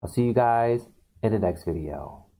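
A man's voice: lowish voice, expressive, normal speed, creaky, dark tone, low-quality recording. A man hosting a casual video, rambling through a movie recap and acting out lines. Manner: rambling, acts out characters' lines. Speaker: YouTube host.

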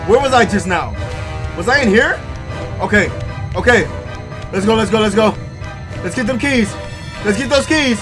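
A young man playing a horror game and reacting out loud, yelping, laughing and talking slang to his viewers, with game music loud behind him. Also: sits high, animated, moderate pace, pauses often. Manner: yelps, laughs and exclaims loudly; slangy, says "bro" often. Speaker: gaming YouTuber. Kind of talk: excitable horror game commentary.

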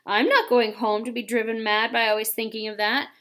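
A woman reading aloud, voicing a curious, stubborn young boy in a storybook with an excited, insistent delivery. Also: on the high side, fairly quick, lightly acted.

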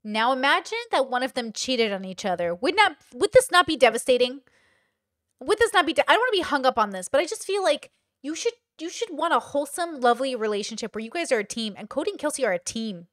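A woman's voice: high-pitched, very animated, fast talker, fairly bright tone, no room sound, clean studio sound. A woman giving casual, emphatic commentary on a video, talking straight to her viewers. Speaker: reaction commentator.

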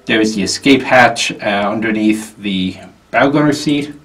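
A man's voice: fairly low pitch, normal speed, fairly bright tone. A man presenting a tank's interior in a casual walk-through, explaining with dry humor while sweating on a hot day. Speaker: tank historian presenter. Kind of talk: informal walk-through tour. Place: inside a tank hatch, outdoors. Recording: distant backup mic.

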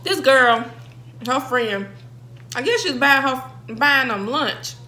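A woman's voice: high voice, animated, takes it slowly, pushed and bright. A woman, chatting casually as she eats on camera, telling stories with laughing asides. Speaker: vlogger eating on camera. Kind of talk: casual mukbang chat.

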